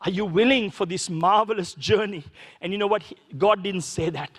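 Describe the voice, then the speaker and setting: A man preaches a sermon as a pastor, his voice pitched notably high for a man. He talks to the congregation conversationally and keeps asking them rhetorical questions. His words ring out with a long reverb in a church hall. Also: normal speed. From Sri Lanka.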